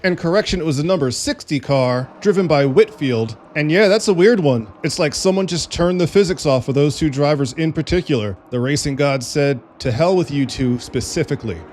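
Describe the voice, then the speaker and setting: A man's voice: a little high, brisk, hardly any pauses. A man doing sim racing play-by-play commentary with jokey, sarcastic asides. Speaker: race commentator. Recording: loud race engine noise. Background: race car engine noise.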